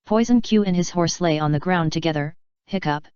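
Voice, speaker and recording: A woman narrating a fanfiction audiobook in a steady, even read-aloud manner. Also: on the low side, brisk, smooth, no room sound, lo-fi sound.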